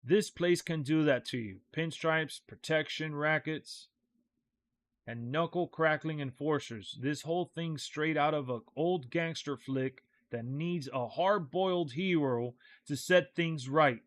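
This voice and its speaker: A man's voice: fairly high pitch, unhurried, no echo, lightly acted. A man reading out a game's dialogue as a tough, hard-boiled male hero, in clipped lines. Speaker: streamer reading game dialogue aloud. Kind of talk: reading game text aloud in character.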